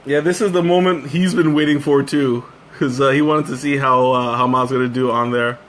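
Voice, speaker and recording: A man's voice: mid-range voice, steady tone, normal speed, a bit bright. A young man hosting a livestream, joking about himself and reading out chat comments. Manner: joking, self-mocking, reads out chat comments. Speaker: livestream host.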